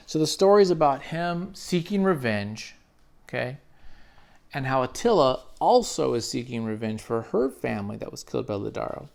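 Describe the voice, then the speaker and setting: A man's voice: medium pitch, very animated, normal speed, creaky, darkish tone. A man enthusiastically retelling a comic book story in casual, slangy commentary with frequent swearing. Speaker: comics reviewer.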